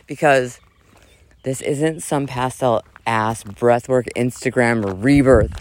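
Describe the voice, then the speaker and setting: A man reading a dramatic, profane rant and breaking off into casual asides, switching between loud mock yelling and quieter talk. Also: mid-range voice, normal speed.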